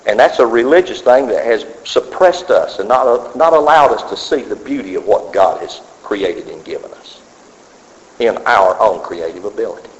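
A male pastor preaching a sermon, swinging from loud declarations to hushed whispers. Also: on the low side, moderate pace. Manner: preaching with sudden drops to a whisper. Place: church sanctuary. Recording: dull sound with long hall reverb.

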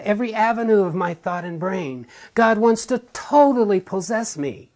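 A man's voice: high voice, darkish tone. Earnest man preaching a sermon. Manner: earnest, emphatic, repeats phrases for stress.

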